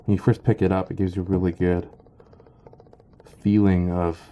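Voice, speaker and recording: Man, very low voice, dark mellow tone, halting casual review, lots of ums. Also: little pitch movement, slight background noise. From Canada. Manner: hesitant, halting, full of ums and uhs. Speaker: knife reviewer.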